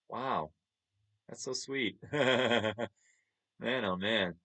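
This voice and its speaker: A man's voice: on the low side, animated, slow pace, fairly bright tone. Chuckling New man. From New York. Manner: chatty, chuckles often, upbeat. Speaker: streamer. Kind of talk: casual chat over photos.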